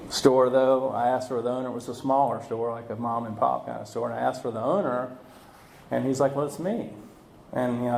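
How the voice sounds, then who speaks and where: A man speaking at a recovery meeting, telling his story in a halting way, full of fillers and restarts. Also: mid-range voice, gravelly, darkish tone, slight background noise. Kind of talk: personal recovery talk. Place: meeting room. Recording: echoey room recording.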